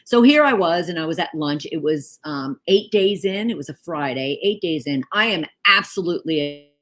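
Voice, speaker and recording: Middle-aged woman, low voice, chatty personal story, lots of ums and restarts. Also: animated, normal speed, a bit bright. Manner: candid, storytelling with frequent fillers and self-corrections. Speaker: leadership coach and author. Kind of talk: casual storytelling monologue.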